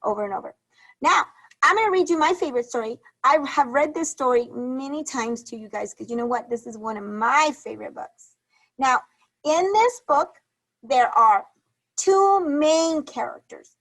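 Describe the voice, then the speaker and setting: High-voiced teacher coaxing young kids. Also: female voice, animated, moderate pace, a bit bright, rough recording. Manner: encouraging, repetitive, asks the class questions. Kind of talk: reading lesson for young children.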